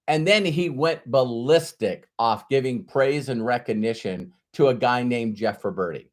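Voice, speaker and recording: A man, a business coach, telling a motivational story in a casual, animated way, often restarting and repeating words. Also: mid-range voice, normal speed, few pauses.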